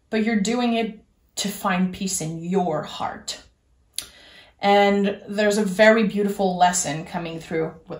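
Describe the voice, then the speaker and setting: A woman giving a tarot reading, speaking in a soft, earnest and reassuring way, straight to the listener. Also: mid-range voice, echoey room. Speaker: tarot reader. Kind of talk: gentle spoken tarot reading.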